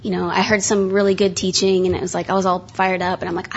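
Delivering a sermon at a conference session, this young woman talks fast in a lowish voice with little pitch movement. Her style is casual and chatty, with many fillers and restarts. The muffled lo-fi live recording has a little hiss or hum.

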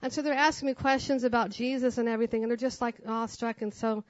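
A woman's voice: a little high, fairly even intonation, quick pace, no echo. A woman telling a personal faith testimony at a conference session, rambling with many fillers and restarts, on a dull, lo-fi recording. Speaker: guest giving a testimony.

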